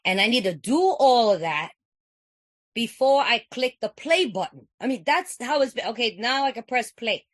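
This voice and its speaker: A woman's voice: fairly high pitch, expressive, moderate pace, no room sound. A woman from California giving an earnest, conversational personal share at a recovery meeting, repeating phrases and often asking "you know what I'm saying".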